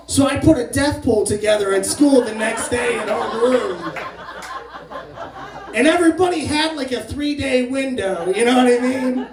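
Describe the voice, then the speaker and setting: A brash man in his late twenties tells profane stories on stage in a very high voice, now and then bursting out loud. He sounds set back from the mic in a roomy live venue. Audience laughter runs beneath him. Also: recorded from a distance. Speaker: stand-up comedian. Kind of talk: stand-up comedy set.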